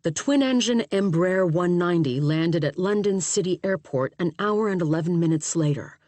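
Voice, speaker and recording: A woman narrates an audiobook in a steady, even manner. Her voice sits low, and the booth sound is dead dry with no room at all. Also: normal speed, no echo. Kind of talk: scripted narration.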